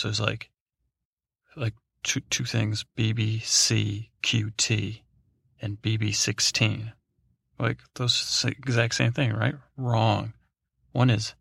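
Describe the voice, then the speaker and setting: A man's voice: fairly low pitch, vocal fry, a bit bright, slightly rough, no room sound, clean studio sound. A man hosting a podcast, telling a meandering, drowsy bedtime story with many fillers and restarts. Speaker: podcast host.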